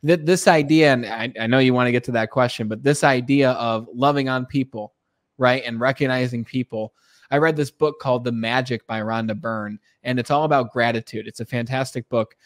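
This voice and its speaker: A man's voice: mid-range voice, steady tone, fairly quick, no room sound. Earnest male host with a dry sound. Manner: earnest, stumbles and repeats words. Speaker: podcast host. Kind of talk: casual interview chat.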